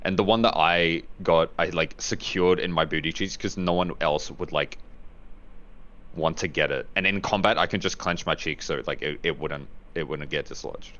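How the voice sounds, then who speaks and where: A man's voice: deep voice, moderate pace, a bit bright, highs cut off. A man playing a tabletop game in casual chat, joking and laughing mid-sentence. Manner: giggly, jokey, often laughs mid-sentence. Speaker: player.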